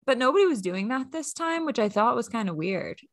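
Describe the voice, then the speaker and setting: A woman's voice: a little high, big pitch swings, brisk, dry recording, studio quality. A woman hosting a podcast, chatting casually and upbeat with lots of fillers. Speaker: podcast host. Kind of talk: casual recap chat.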